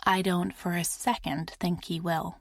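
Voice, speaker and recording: A woman narrates a first-person romance audiobook in a soft, intimate way. Her voice sits a little low and moves at a very slow, measured pace. The recording is close and dry. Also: flat delivery, vocal fry, no echo.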